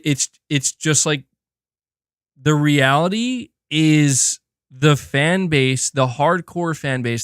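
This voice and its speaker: A man hosting casual gaming commentary, animated and profane, restarting sentences and slipping into mocking impressions. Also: mid-range voice, clear, resonant tone, dry recording, studio quality.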